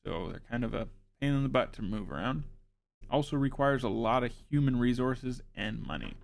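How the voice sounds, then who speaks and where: A man hosting a streamed show, reading facts from his notes at a medium pitch. He breaks off into dry, joking asides before going back to the material, speaking close to his mic. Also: expressive, normal speed, creaky. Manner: wry, joking asides between read facts. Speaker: show host.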